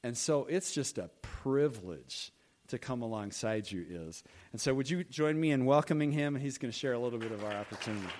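Lively preaching man. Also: medium pitch, fairly quick, some chatter behind, a little hiss or hum. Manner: animated preaching, varied emphasis. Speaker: pastor. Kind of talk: sermon.

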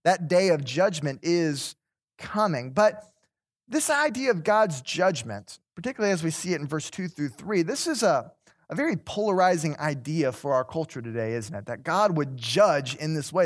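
A man's voice: a little high, very animated, moderate pace. A man teaching a Bible class. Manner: conversational, repeats words, asks the class questions.

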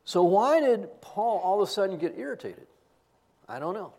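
An older male pastor delivering a sermon with a rough, gravelly edge to his voice. His pitch sits a little high and moves a lot, rising on rhetorical questions and dropping low for asides. He mixes teaching with dry, self-deprecating humor. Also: sing-song, moderate pace, darkish tone.

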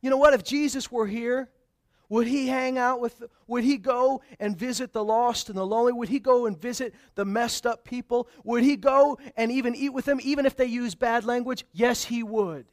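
A man's voice: extremely high pitch, fairly even intonation, moderate pace. A male pastor preaching a sermon, telling stories casually and then building to emphatic, raised declarations.

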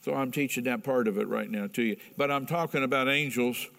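A man's voice: medium pitch, fairly quick, creaky, fairly bright tone. A middle-aged pastor preaching a sermon in a folksy, emphatic way, asking the congregation questions as he tells a story. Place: church hall with a congregation. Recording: long reverb in a large hall.

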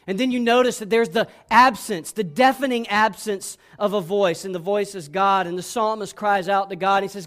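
A man preaching a sermon, reading scripture and speaking with passion, often repeating words and dropping to hushed tones. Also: high voice, normal speed, few pauses. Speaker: pastor.

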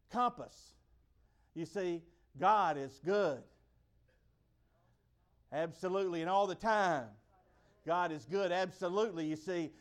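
American guy preaching, pretty high voice, hammers the same lines over and over. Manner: emphatic, repeats key phrases. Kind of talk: sermon.

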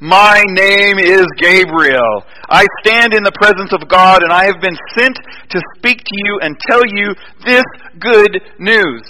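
Male pastor acting out a solemn male angel, slow and booming, bright tone. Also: exaggerated voice, low-quality recording. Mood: stern. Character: angel Gabriel, stern male messenger.

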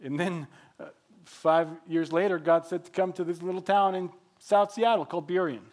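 A man with a notably high voice for his sex preaches a sermon, pressing each point hard and repeating key phrases for weight. He speaks as a pastor to his church. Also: steady tone, normal speed. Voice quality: emphatic, builds points through repetition.

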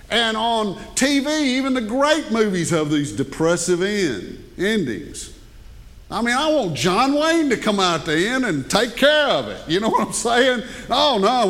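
An older man preaching a sermon as pastor, folksy and animated, joking with the congregation. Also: sits high. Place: church sanctuary. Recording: long hall reverb.

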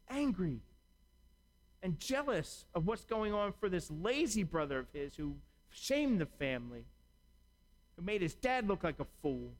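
A male pastor delivers a sermon in a loose, conversational manner. His voice sits a little higher than most men's, and he slips into imagined dialogue to make his points. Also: low-quality recording.

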